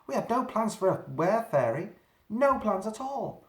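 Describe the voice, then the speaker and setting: A man's voice: sits high, very animated, normal speed, far from the mic, pitched above the performer's own voice. A man voicing a frightened, panicky young girl in a read-aloud storybook. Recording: roomy echo.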